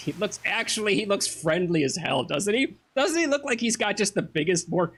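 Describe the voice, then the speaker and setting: A man's voice: high voice, expressive, normal speed, few pauses, fairly bright tone, husky. A man casually commenting on his playthrough of a game, chatty and joking. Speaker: let's play gamer.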